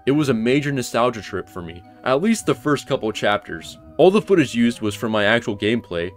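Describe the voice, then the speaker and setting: A man's voice: mid-range voice, sing-song, a little fast, faint music behind. A young man, a gaming YouTuber, giving a casual and blunt game analysis with live play commentary.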